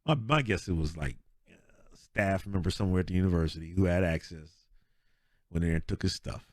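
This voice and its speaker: A man's voice: low-pitched, brisk, no room sound, clean studio sound. A man co-hosting a podcast in casual sports chat, telling stories with lots of laughter and acting out what people said. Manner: animated storyteller, laughs often, acts out quotes. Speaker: podcast co-host.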